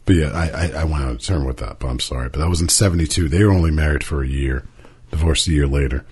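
A man's voice: very deep voice, fast, darkish tone, slightly rough. A man co-hosting a podcast in casual, joking chat, recounting history loosely and laughing often. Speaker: podcast co-host.

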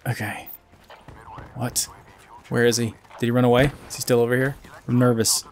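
A man giving casual, self-mocking commentary over his own gameplay, with excitable outbursts and muttering. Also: medium pitch, moderate pace, slight background noise. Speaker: gaming commentator.

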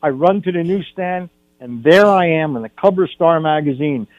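An older man, a film director, telling stories as a guest in a radio studio interview, animated and acting out what people said. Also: a little high, moderate pace, dull audio. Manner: animated anecdote teller, acts out quotes.

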